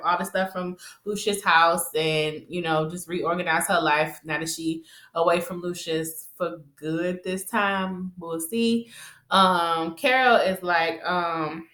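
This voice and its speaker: A woman casually recapping a TV episode, chatty and rambling, with frequent laughs and animated retelling. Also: on the low side, echoey room.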